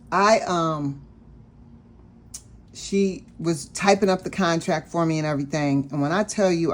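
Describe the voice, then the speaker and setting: Low-voiced woman telling a chatty story. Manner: chatty, animated storyteller addressing viewers as "girl". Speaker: budgeting vlogger. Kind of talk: casual storytelling vlog.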